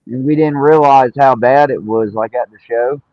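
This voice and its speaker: A man's voice: mid-range voice, moderate pace, dry recording, muffled recording. Laid-back man telling wrestling stories. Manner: laid-back, heavy use of "like" fillers. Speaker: wrestler guest. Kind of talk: casual storytelling.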